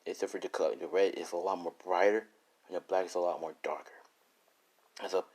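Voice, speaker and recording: A man's voice: sits low, fairly even intonation, brisk, darkish tone, slightly rough. A man casually improvising a fan story, rambling and crude, with many fillers and restarts.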